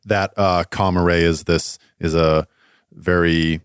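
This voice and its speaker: A man narrating a tabletop game as game master, pausing often with fillers. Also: low voice, little pitch movement, clear, resonant tone, no echo, studio quality. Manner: hesitant descriptive narration with many fillers.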